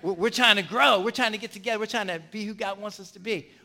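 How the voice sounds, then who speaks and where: A man's voice: high voice, quick pace, creaky, pushed and bright. A man preaching a sermon to his congregation, emphatic and repetitive, addressing the listeners directly. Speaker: pastor.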